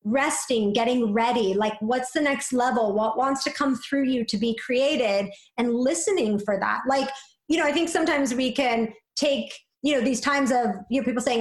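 High-voiced reflective woman, echoey room. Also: normal speed. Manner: flowing, reflective, many "like" and "right?" fillers. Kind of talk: casual conversation.

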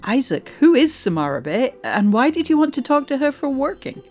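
A woman's voice: high voice, sing-song, brisk, darkish tone, soft background music. Chatty English woman podcast host. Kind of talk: casual conversational chat.

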